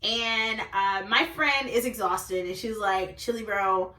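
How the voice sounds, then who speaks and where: Young woman vlogger, bright high voice, lively storyteller, echoey room, a little off mic. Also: takes it slowly, recorded from a distance. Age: young adult. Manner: animated, laughs often, says okay and like a lot. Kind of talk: storytime vlog.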